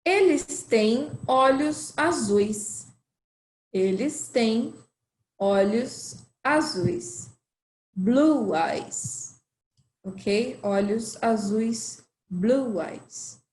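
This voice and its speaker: Slow, patient woman language teacher. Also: a little high, animated, darkish tone, echoey room, a little hiss or hum, rough recording. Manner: slow, repeats phrases for learners. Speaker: Portuguese teacher.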